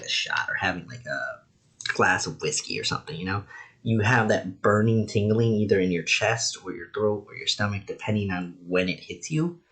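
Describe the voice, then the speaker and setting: A man's voice: on the low side, a bit bright. A man casually reviewing anime episodes, rambling with lots of "like" and "you know".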